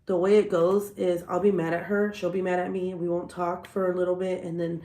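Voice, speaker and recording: A woman's voice: lowish voice, little pitch movement, brisk, mellow, roomy sound. A woman hosting a casual hangout video, joking and swearing as she rambles, with a cold. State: sick with a cold, coughing. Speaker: vlogger hosting a hangout livestream. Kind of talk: casual chat.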